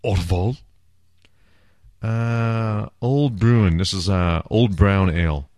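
A man's voice: lowish voice, steady tone, slow pace, darkish tone, clean tone. A man hosting a casual beer podcast, enthusiastic and self-mocking as he chats and jokes. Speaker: podcast host.

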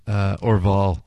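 Low-voiced chatty male podcast host. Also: dark tone, dry recording. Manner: enthusiastic, self-mocking, chatty. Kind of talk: casual beer podcast chat.

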